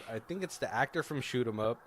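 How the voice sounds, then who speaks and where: A man co-hosting a podcast, retelling a film's plot in a loose, rambling way, full of swearing and asides. His voice sits at an ordinary pitch for a man. Faint background noise hums under the recording. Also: fairly bright tone. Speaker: podcast co-host. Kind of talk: casual movie recap chat.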